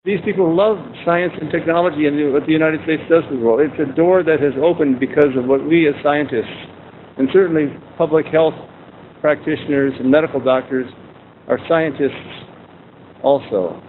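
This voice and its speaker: A man's voice: fairly even intonation, normal speed. A man in his sixties giving a humorous, conversational university lecture with anecdotes. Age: 60s. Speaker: guest lecturer. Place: warm university lecture room. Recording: tinny phone-like sound, faint rumble.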